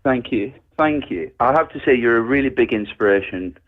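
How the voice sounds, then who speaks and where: A man's voice: medium pitch, lively intonation, moderate pace. A British man calling in, reading his own poem and then chatting politely. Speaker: caller. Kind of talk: reading a poem over the phone. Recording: tinny phone line.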